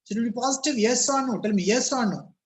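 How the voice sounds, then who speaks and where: A man's voice: extremely high pitch, fast. A man teaching a physics class over a video call, his voice cracking, repeatedly asking students "yes or no?" and telling them to think about it.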